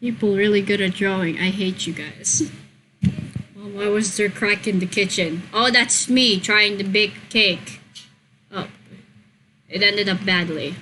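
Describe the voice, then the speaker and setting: A woman hosting her channel, chatting casually and excitedly as she plays and reads, gushing, swearing and squealing now and then. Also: mid-range voice, unhurried, slight background noise, rough recording. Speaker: channel host. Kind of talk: casual commentary while gaming and reading.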